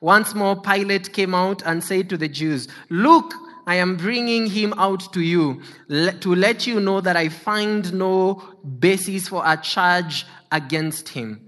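A man preaching in a church, reading scripture with dramatic flair. His voice is high and bright and sits forward. The words ring out with the long reverb of a large sanctuary. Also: takes it slowly. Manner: dramatic reading, giving the quoted figures their own inflection.

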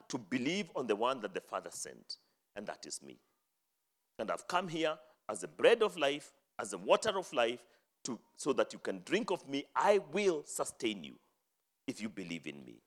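A man preaching a sermon, reading scripture aloud and explaining it, rising to loud emphatic phrases and dropping to low, quiet endings. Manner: dramatic swings from loud high emphasis to low hushed endings.

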